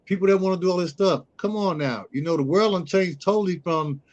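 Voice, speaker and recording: High-voiced middle-aged man telling stories. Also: a little fast, muffled recording. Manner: storytelling, acts out quoted dialogue. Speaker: guest, youth mentor. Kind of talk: casual conversational interview.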